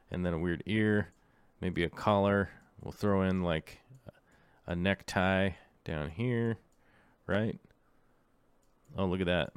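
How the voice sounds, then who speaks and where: A man's voice: low-pitched, smooth, no room sound. A middle-aged man hosting a live stream, chatting casually and rambling with lots of fillers and jokes. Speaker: livestream host.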